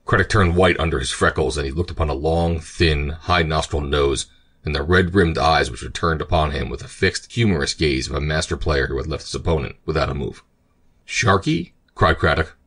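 Low, husky male audiobook narrator. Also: a little fast, fairly bright tone.

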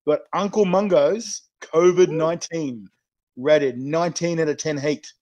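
A man's voice: a little high, unhurried, darkish tone. An Australian man hosting a live-streamed chat while eating chillies, joking, laughing often and talking in slang. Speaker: host.

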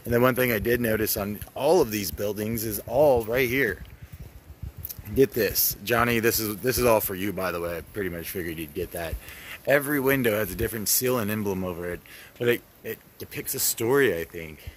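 A man's voice: fairly low pitch, fairly quick, slight background noise. A man giving casual, rambling commentary while walking outdoors in a park, full of fillers and loose asides. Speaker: vlogger.

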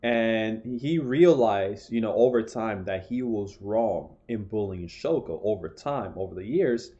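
Rambling man with a mellow voice. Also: fairly low pitch, animated, measured pace, muffled recording. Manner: rambling, self-correcting, chatty. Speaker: film reviewer. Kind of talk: casual video review.

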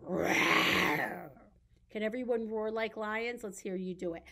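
A woman's voice: medium pitch, fairly even intonation, a little fast. A woman librarian leading a baby storytime, talking in a cheerful sing-song way to small children and their grown-ups. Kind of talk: baby storytime with songs and rhymes.

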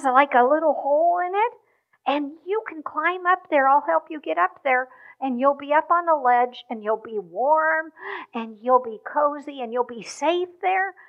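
Kind old grandpa, soft and promising, woman doing the voice, slow and easy, dull recording. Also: high-pitched. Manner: soothing, promising. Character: kind loving grandfather, reassuring.

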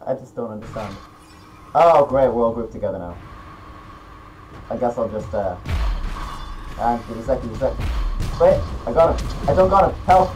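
A teenage boy giving gameplay commentary, excitable and quick to swear and yell at the game. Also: mid-range voice, faint music behind, low-quality recording. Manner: excitable, swearing, yelling outbursts. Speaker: gaming YouTuber.

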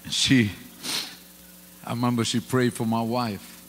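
A man preaching a storytelling sermon as pastor, swinging from quiet asides to loud exclamations, speaking into a microphone in a church sanctuary. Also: mid-range voice, flat delivery, a little slow. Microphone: handheld or stand mic. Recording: reverberant church hall with faint hum.

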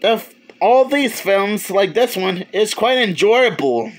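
Male reviewer, high pitched voice, loose halting delivery, casual video review. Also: very animated. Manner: rambling, halting, many restarts, chuckles. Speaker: movie reviewer.

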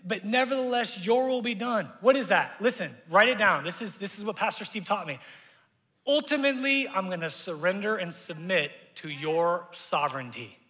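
A man preaching a sermon as pastor, conversational and energetic, leading the congregation in call-and-response. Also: high-pitched, normal speed. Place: church sanctuary. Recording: reverberant church hall.

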